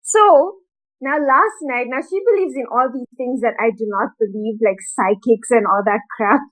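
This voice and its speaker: A woman's voice: fairly high pitch, moderate pace, rough recording. A woman co-hosting a podcast, telling a story in casual chat and laughing often as she talks. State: tired and grouchy from a broken nap. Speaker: podcast co-host.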